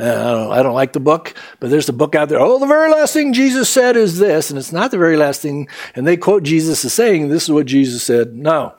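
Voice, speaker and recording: A man preaching a sermon as pastor, animated and acting out the voices he quotes. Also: a little high.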